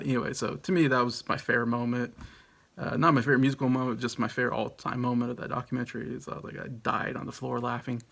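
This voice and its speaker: A man's voice: medium pitch, flat delivery, fairly quick, creaky, fairly bright tone. A man in his late thirties hosting a casual countdown video, rambling and chuckling with lots of fillers and restarts. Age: late 30s. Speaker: video host.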